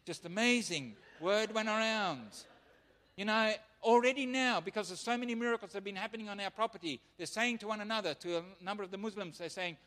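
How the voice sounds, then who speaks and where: A man preaching as a missionary pastor, telling his testimony as an animated storyteller who acts out the voices of others. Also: high-pitched, brisk. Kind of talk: sermon testimony. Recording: long hall reverb.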